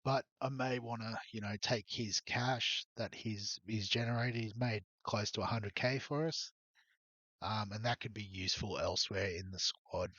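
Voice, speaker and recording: A man's voice: on the low side, normal speed, sharp tone, slightly rough, no room sound, muffled recording. A man walking through his fantasy rugby league team in a rambling, hesitant way, full of ums. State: has the hiccups. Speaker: fantasy sports youtuber. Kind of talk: casual fantasy team walkthrough.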